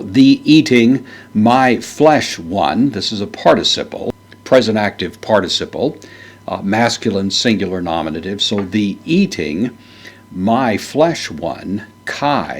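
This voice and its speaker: A man teaching a Bible verse word by word, parsing each word in a measured way with frequent fillers. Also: on the low side, breathy edge. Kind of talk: unscripted Greek verse lesson.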